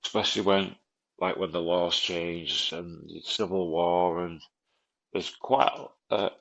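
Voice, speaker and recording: Gravelly, slow-talking English man. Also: sits low, fairly even intonation, fairly bright tone, lo-fi sound. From England. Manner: laid-back, laughs often, says mate a lot. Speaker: podcast host. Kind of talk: casual conversation.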